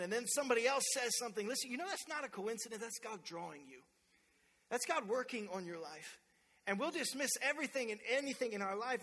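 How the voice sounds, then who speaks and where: A man in his thirties preaching a sermon in church, telling stories in an animated way and acting out quotes loudly. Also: high-pitched. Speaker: pastor. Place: church sanctuary. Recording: long hall reverb.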